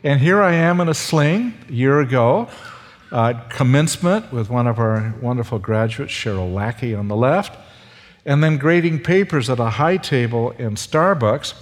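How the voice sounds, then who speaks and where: A man, a seminary professor, giving a sermon testimony in a slow, halting way with fillers and restarts. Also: medium pitch. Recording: long hall reverb.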